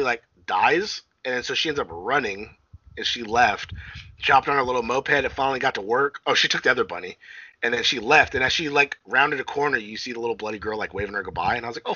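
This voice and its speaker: A man co-hosting a podcast, retelling a movie plot in casual, rambling chat full of fillers and swearing, bouncing his pitch up when he quotes the characters. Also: sharp tone, slightly rough, dull audio. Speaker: podcast co-host.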